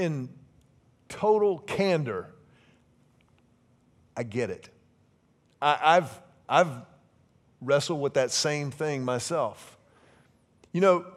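A middle-aged man preaching a sermon to a congregation, animated and joking, drawing them in with questions. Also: fairly high pitch. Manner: animated, joking, asks the congregation to call out answers. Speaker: pastor.

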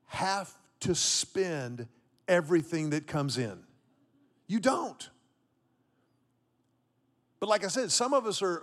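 Fifties male pastor from Texas, slightly high voice, storytelling sermon with repeated punchlines. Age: 50s. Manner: storytelling preacher, repeats key phrases for emphasis. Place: church auditorium with congregation.

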